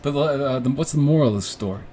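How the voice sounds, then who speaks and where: A young man rambles through a personal story in a loose, profane monologue, laughing at himself and restarting his sentences. His voice sits at an ordinary middle pitch. A faint ambient hum sits behind him. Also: fast, dark tone. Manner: rambling, profane, self-mocking, with frequent restarts and fillers. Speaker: podcast host. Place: room with warm orange lighting.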